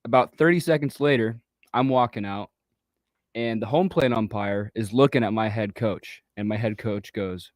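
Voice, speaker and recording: A man who coaches youth baseball tells a story in casual talk-show conversation, animatedly acting out the quoted exchanges. His voice is fairly low, his pace moderate, and there's no echo.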